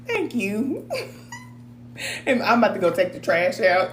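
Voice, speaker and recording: A woman's voice: medium pitch, sing-song, measured pace. Woman, 30s, spiritual card reader, casual live chat, laughing, echoey room, faint hum. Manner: chatty, laughing often, reads viewer comments aloud. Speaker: spiritual advisor reading cards for a live chat.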